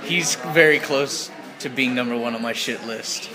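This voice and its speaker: A man playing a tabletop game, describing his character's actions in an eager, animated way. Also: medium pitch, normal speed, a crowd in the background. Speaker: player.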